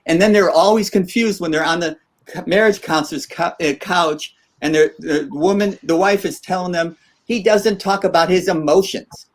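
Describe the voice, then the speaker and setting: A man's voice: a little high, moderate pace. A middle-aged man co-hosting a podcast, talking in an earnest, reflective way. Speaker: podcast co-host. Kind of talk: casual podcast talk.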